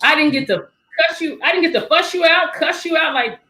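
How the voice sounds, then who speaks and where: A woman hosting a casual panel, her voice a little higher than most, echoing around the room she sits in. She tells her stories with lively acted-out quotes. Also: fairly quick. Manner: storytelling that acts out quoted voices. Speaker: panel host.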